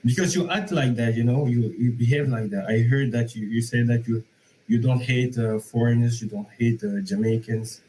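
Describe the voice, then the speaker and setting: A man's voice: medium pitch, normal speed, warm tone, slight background noise, low-quality recording. A young man from Senegal with a Senegalese accent, calling in to argue, hesitant and full of fillers but insistent. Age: young adult. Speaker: caller. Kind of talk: call-in debate.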